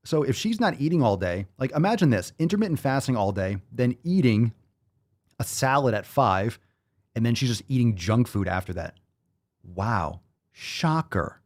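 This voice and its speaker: A man's voice: medium pitch, animated, moderate pace, darkish tone. A man hosting a podcast, ranting with blunt, profane, sarcastic commentary and mocking asides. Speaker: podcast host.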